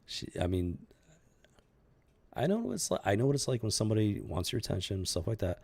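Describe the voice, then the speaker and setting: Deep gravelly husky man. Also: lively intonation, a little mellow. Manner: halting, earnest, repeats and restarts phrases. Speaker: channel host commenting on a news story. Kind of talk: casual spoken commentary.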